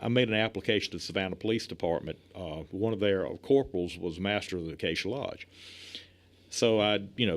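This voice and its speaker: A man in his sixties, a police chief, telling animated anecdotes as a podcast guest. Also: fairly low pitch. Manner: animated anecdotes, acts out other people's lines, laughs often. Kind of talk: casual storytelling in a podcast interview.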